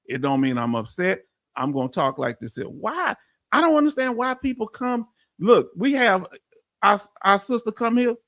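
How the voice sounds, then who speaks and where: A man's voice: high-pitched, very animated, normal speed, fairly bright tone, no echo, clean studio sound. A man with a Southern Texan accent hosting a casual livestream, blunt and straight-talking as he speaks to his viewers. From Houston, Texas. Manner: blunt, straight-talking, addresses chat directly. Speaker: livestream host.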